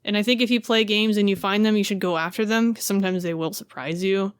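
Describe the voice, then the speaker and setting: A woman's voice: medium pitch, steady tone, fast talker, clear, resonant tone, no room sound, clean studio sound. A woman chatting casually as a podcast co-host, loose and full of fillers. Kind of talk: casual chat.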